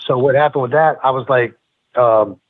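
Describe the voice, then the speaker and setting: A husky man tells a story in a casual interview, swearing freely and acting out both sides of old arguments. His voice comes through thin and narrow, like a phone call, with no room sound at all. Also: mid-range voice, moderate pace, no room sound. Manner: profane, heated, acts out quoted arguments. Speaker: wrestling podcast guest.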